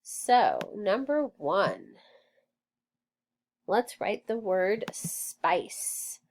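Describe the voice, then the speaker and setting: Slow, patient woman teaching phonics. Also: medium pitch, very animated, slight background noise. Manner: patient, encouraging, sounds out words and letters. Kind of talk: slow, deliberate phonics lesson for children.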